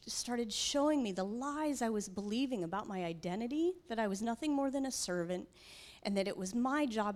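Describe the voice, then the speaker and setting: A middle-aged woman, a pastor's wife, telling a personal testimony in a halting, emotional way with many fillers. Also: mid-range voice.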